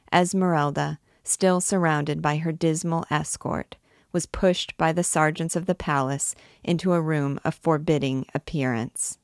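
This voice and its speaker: Low-voiced woman reading a classic novel. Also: no room sound, studio quality. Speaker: reader, host. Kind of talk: audiobook reading.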